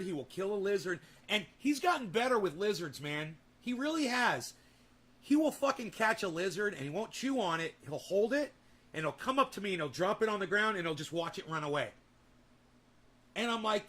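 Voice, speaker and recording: A man's voice: high voice, a bit bright. A man telling rambling, profanity-laden stories in a casual home vlog. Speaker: vlogger. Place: home with garden and indoor grow.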